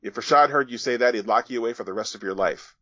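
A man voicing a calm, firm male squad leader who gives steady commands. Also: mid-range voice, fast talker, close to an everyday voice. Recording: dull, dry sound.

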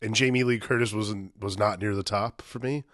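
A man co-hosting a casual film podcast, relaxed and rambling, with frequent restarts and some swearing. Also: lowish voice, normal speed, dry recording, studio quality. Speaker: podcast co-host.

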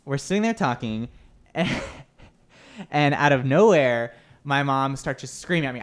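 Lively, swearing podcast host. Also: male voice, on the high side, normal speed. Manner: animated storytelling, lots of swearing. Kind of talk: uncensored casual chat. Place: radio studio.

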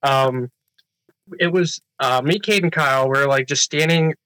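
A man's voice: medium pitch, moderate pace, bright, forceful tone, no echo, low-quality recording. A man in casual chat, earnest and agreeable, often restarting his sentences. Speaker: paranormal investigator.

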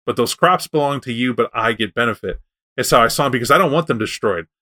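Bright-voiced male storyteller. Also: medium pitch, fast. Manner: animated, loose, self-correcting. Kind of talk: casual spoken storytelling.

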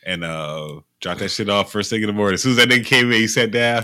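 A young man with a bright, forceful voice, fairly low-pitched, chatting casually with friends. He tells animated, slang-heavy stories full of swearing. The sound is dry and close. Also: quick pace, hardly any pauses, clear, resonant tone, no echo. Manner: animated storytelling, profane slang. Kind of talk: casual chat.

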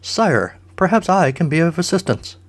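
A man's voice: fairly high pitch, big pitch swings, moderate pace, voice pushed up. A man voicing a whiny, fussy male court sorcerer in a comic story. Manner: whining, pleading.

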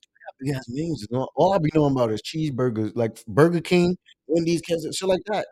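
A man hosting his own live stream in loose, casual chat, swearing freely and jumping up in pitch when he gets excited. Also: quick pace, dry recording. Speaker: livestream show host.

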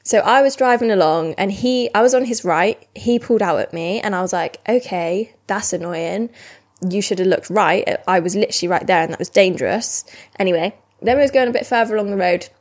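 A woman's voice: medium pitch, a little fast. A young woman, chatting casually and rambling with lots of "like" fillers. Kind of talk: casual chat.

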